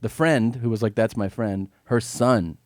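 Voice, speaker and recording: A man's voice: mid-range voice, steady tone, measured pace, no room sound, studio quality. A man, a comedian who hosts shows, telling a brash and profane story in a casual podcast chat and acting out the quotes. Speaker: comedian and show host.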